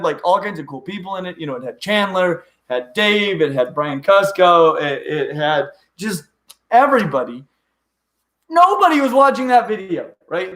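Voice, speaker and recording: A man's voice: sits high, fairly bright tone. Eager rambling man in an echoey room. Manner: rambling, restarts often, eager. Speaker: host of a reptile channel. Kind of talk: casual live-stream chat.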